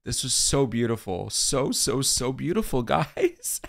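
A man's voice: mid-range voice, very animated, unhurried, vocal fry. A man hosting a music video reaction, gushing and emotional, exclaiming and singing along, with faint music behind him.

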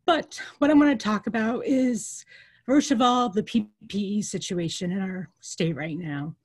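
A woman's voice: mid-range voice, slightly rough. Woman nurse on a town hall call, earnest, gets emotional, lots of ums. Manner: earnest, emotional, halting with fillers. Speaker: nurse union representative. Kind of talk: virtual town hall statement.

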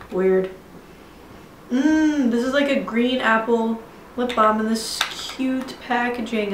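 Young woman beauty vlogger, high-ish voice, rambling and chatty; mic set back in a roomy space. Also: a little hiss or hum. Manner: chatty and rambling, full of "like" and "you know". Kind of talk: casual haul video chat. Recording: roomy sound from a distance from the mic. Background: heavy rain outside.

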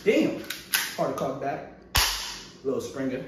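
A young man doing a casual show-and-tell vlog, excitable and slangy with frequent exclamations. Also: mid-range voice, a little slow. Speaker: vlogger showing his collection. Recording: very echoey, far from the mic, faint noise.

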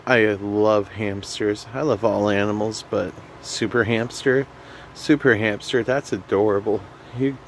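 A man hosting a rambling comedy vlog, with goofy asides and some soft, quiet remarks. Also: on the low side, a little hiss or hum. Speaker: comedy vlogger.

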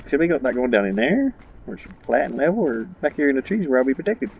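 A man's voice: fairly high pitch, vocal fry, darkish tone, breathy edge, highs cut off. A man giving let's play commentary, rambling and joking his way through a spooky game, laughing at his own nerves. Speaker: gaming channel host.

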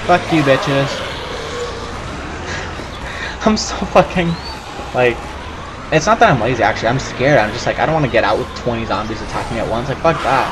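A man giving profane, excitable let's play commentary, yelping and laughing at the game. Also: medium pitch, moderate pace, long pauses, noisy background. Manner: profane, excitable, yelps and laughs while playing. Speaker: gaming channel host.

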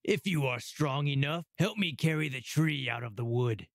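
A man doing a gravelly blustering giant. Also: mid-range voice, moderate pace, no room sound, studio quality, close to an everyday voice. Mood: gruff. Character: huge gruff male giant, slow-witted.

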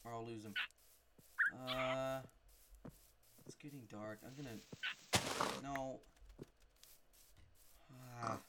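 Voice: medium pitch, steady tone, slow pace, long pauses, very noisy. A gamer giving jumpy, unscripted let's-play commentary while talking to the game.

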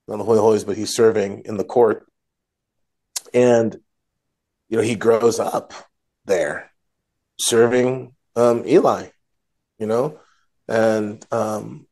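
A man with a mid-range, somewhat dark voice co-hosts a casual religious discussion podcast. He retells scripture in a rambling way, correcting himself as he goes.

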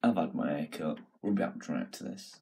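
A man's voice: a bass voice, fast, gravelly, darkish tone. A man hosting a casual reaction video, chatty and laughing, stumbling over names as he talks.

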